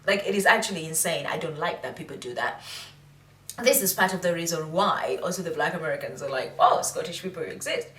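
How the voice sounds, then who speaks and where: Animated young woman in an echoey room. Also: brisk, recorded from a distance. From England. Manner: animated, laughing, bursts of high mimicry. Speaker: vlogger. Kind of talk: casual commentary vlog.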